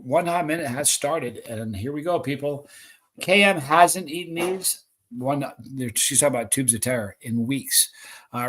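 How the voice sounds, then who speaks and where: A man hosting a live stream, reading viewer comments aloud and calling out excited countdowns. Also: mid-range voice.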